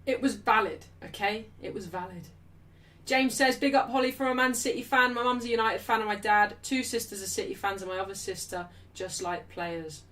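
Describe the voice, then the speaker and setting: Young English woman host, brash and sweary, bright forceful voice, slightly off-mic. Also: mid-range voice, fairly quick, far from the mic. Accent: English, not Mancunian. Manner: blunt, swears freely, loud and defensive, then apologetic. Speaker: livestream host of a football watchalong. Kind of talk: casual live chat reading super chats.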